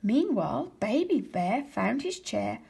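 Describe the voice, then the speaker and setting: Woman teacher reading a children's story aloud, expressive, lively pitch, husky voice. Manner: expressive, slows for emphasis.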